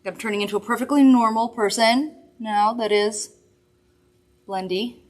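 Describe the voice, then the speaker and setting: A woman's voice: fairly high pitch, moderate pace, darkish tone. A woman hosting a live makeup demonstration from a studio, chatty, upbeat and reassuring as she works. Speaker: makeup host.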